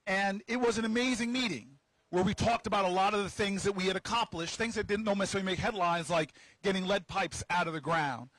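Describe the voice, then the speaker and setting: A man with a high, husky voice tells a story to a crowd outdoors. He is playful and teases his listeners, often stumbling over and repeating his words as he goes. His voice sounds close and dry. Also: a bit bright, no echo, low-quality recording. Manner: stammering restarts and repeated words. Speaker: senator. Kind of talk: storytelling speech at an outdoor rally. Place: outdoors on building steps at a rally.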